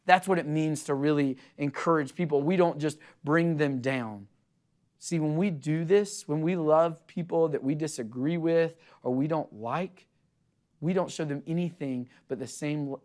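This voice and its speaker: A young adult man preaching a sermon, earnest and animated, acting out quotes in an excited voice as he tells stories. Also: fairly high pitch. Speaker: pastor.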